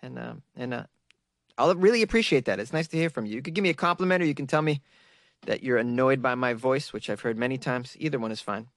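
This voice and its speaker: A man hosting his own comedy news podcast, chatting casually and mocking himself with quick asides to listeners. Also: medium pitch, expressive, no echo, studio quality. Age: adult, working full-time. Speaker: podcast host.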